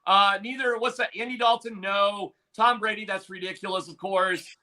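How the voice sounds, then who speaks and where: A man's voice: high voice, steady tone, moderate pace, pushed and bright. A male sports radio host arguing his opinions emphatically, repeating points for emphasis. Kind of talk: sports talk radio debate.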